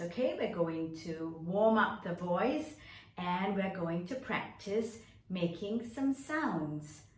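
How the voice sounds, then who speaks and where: A woman teaches a nursery drama lesson at a very slow pace, her pitch rising and falling widely as she draws out each word for small children. She sounds cheerful and encouraging. The recording is echoey, with her voice set back from the mic. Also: recorded from a distance. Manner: slow, exaggerated instructions with stretched words. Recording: echoey room, voice away from mic.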